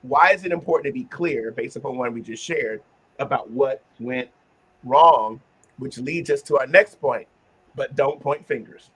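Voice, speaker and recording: A man hosting a casual group discussion, talking earnestly about self-reflection and turning animated when he acts out examples. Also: mid-range voice, normal speed, slightly rough. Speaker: host.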